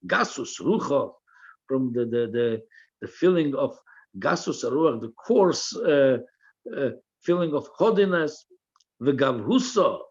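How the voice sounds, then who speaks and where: A man's voice: fairly high pitch, breathy edge, highs cut off. A man teaching a religious text class, reading each phrase aloud and translating it line by line, often repeating words while he searches for the right translation. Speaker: Torah teacher.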